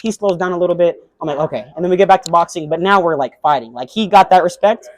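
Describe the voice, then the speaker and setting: This is a young man with a fairly high voice, talking quickly in a casual interview. He tells his story in an animated way and plays out the voices of the people in it. He sounds like a boxer recounting a sparring session. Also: low-quality recording. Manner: animated, acts out quotes of others while telling a story. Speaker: boxer and guest.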